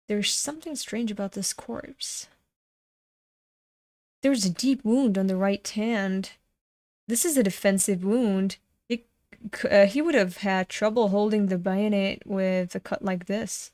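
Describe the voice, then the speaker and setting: Young woman, home comic reader, slow pace, dead-dry close mic, does all the voices. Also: mid-range voice, darkish tone, no room sound. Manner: reads all parts herself, breaks off to gush and laugh. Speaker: webcomic reader. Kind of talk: reading a comic aloud with reactions.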